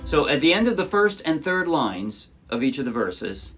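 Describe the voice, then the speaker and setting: A man teaching a ukulele arrangement in a relaxed, chatty tutorial style. He explains each step and often checks in with the viewer. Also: fairly high pitch, moderate pace, faint music behind. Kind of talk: casual music tutorial. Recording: loud ukulele playing under the speech. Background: his own ukulele playing under the voice.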